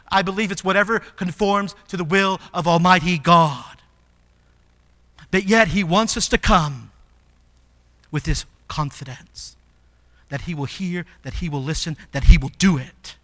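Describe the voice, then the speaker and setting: High, bright-voiced preaching man. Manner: emphatic, swings from quiet to loud. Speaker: pastor. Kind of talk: sermon.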